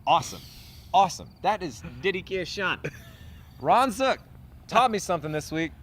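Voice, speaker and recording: A man's voice: high-pitched, big pitch swings, normal speed, fairly bright tone, a little hiss or hum. A man co-hosting a sports podcast in casual chat, loose and joking, swearing freely. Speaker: podcast co-host.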